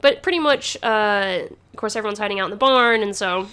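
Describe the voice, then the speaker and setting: A woman's voice: medium pitch, fairly quick, fairly bright tone, smooth. A woman hosting a podcast in casual chat, rambling with many fillers and restarts and laughing often. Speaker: podcast host.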